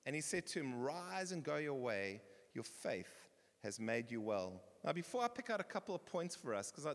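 Animated preacher in a reverberant church. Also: male voice, on the high side, vocal fry. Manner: animated, conversational preaching with scripture reading. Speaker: pastor. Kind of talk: sermon. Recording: long reverb of a church hall.

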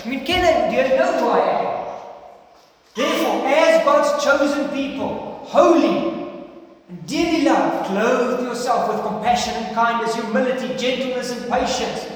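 A South African pastor preaches with a strikingly high voice, hammering words through repetition, then sinking into hushed appeals. His voice rings through a big church hall from a far microphone. A faint hum sits under it all. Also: moderate pace. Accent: South African English. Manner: preaching with emphatic repetition and sudden quiet pleas. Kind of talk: sermon. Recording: echoey hall, distant mic, faint noise.

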